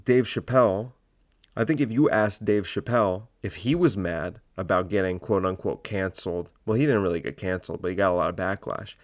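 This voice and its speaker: A man's voice: low-pitched, brisk, no room sound, clean studio sound. A man hosting his own podcast alone, talking in a blunt, provocative, rambling way. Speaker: podcast host. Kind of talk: casual solo podcast monologue.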